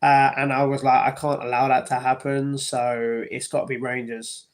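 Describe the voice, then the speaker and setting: A man's voice: mid-range voice, little pitch movement, moderate pace. A man livestreaming from home, chatting casually and answering viewers' chat messages aloud, sometimes a bit defensive. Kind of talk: casual live-stream chat.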